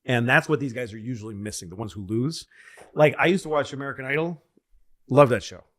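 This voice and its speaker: A man co-hosting a comedy podcast in casual chat, rambling, losing his thread, and loudly acting out the people he quotes. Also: mid-range voice, quick pace. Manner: rambling, loses his train of thought, acts out quotes loudly. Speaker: podcast co-host.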